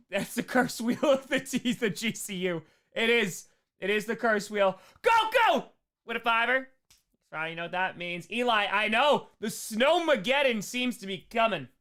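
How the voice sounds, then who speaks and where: Excitable man hosting a livestream Q&A. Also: very high voice, clear, resonant tone. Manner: excitable, shouts out donors' names; playful sound effects when thanking donors. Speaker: livestream host. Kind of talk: casual livestream Q&A.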